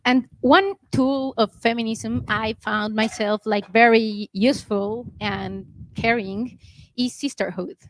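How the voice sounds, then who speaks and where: A woman's voice: on the high side, fairly even intonation, takes it slowly, slight background noise, poor audio. A woman interviewing an author, asking earnest questions while searching for her words. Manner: earnest, searching for words, non-native phrasing.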